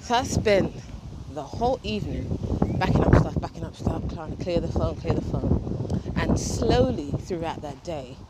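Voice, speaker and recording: A woman's voice: sits low, lively intonation, normal speed. A woman hosting a casual solo podcast while walking through a windy park on a headset mic, slightly out of breath, chatty and rambling with casual swearing. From England. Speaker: podcast host. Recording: outdoor wind and street noise.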